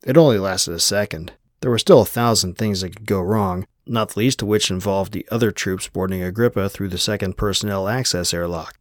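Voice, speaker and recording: A male audiobook narrator with a low voice reads scripted narration. The recording is dry, with clean studio sound.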